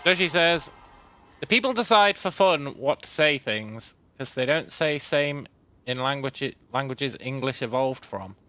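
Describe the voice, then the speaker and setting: Bright, lively male game streamer. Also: mid-range voice, measured pace, slight background noise. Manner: chatty and wry, often clears his throat, talks to chat. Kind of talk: casual gameplay commentary.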